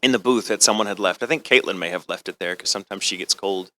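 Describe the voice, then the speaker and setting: Male voice actor, panel anecdote, bright tone, animated storyteller. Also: lowish voice, quick pace. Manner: lively storyteller acting out the people in his story. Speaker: voice actor, convention guest. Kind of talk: telling an anecdote at a convention panel. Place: convention panel room.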